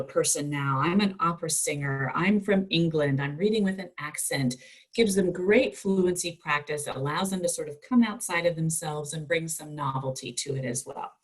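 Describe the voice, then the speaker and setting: Woman, low-pitched, husky, expressive educator, online conference presentation, computer mic. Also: poor audio. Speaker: dyslexia educator presenting to teachers.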